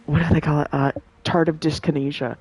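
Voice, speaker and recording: A woman's voice: low-pitched, flat delivery, brisk, darkish tone, husky, poor audio. A young woman rambling in casual chat, laughing often and swearing freely.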